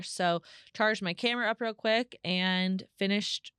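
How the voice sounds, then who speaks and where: A woman hosting a solo podcast, telling stories in a chatty, animated way, full of "like" and casual swearing, and mimicking other people in a higher voice. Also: moderate pace, clean tone, no room sound, clean studio sound. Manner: acts out quoted voices in a higher pitch. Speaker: podcast host.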